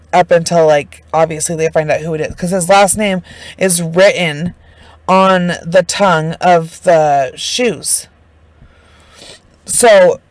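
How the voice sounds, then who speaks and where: A woman casually retells a true crime case, chatty, indignant, and emotionally invested, with plenty of fillers and swearing. Her voice is mid-range, with no echo but poor audio quality.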